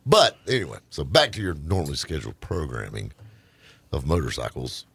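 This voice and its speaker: Lively, husky-voiced male radio host. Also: extremely low pitch, a little fast. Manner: joking, animated storyteller. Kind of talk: casual on-air banter. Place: radio studio.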